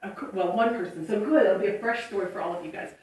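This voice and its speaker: A woman's voice: medium pitch, fast, a little mellow, distant mic. A woman giving a playful inspirational talk to a congregation, telling stories with laughter and acting out voices. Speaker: speaker. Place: church hall. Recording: echoey hall, speaker away from the mic.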